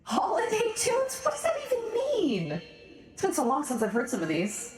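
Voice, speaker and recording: A woman's voice: high-pitched, big pitch swings, slow, long pauses, breathy edge, faint music behind. A woman streaming a game, chatting casually, talking to herself and exclaiming at the game. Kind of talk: casual live gameplay commentary.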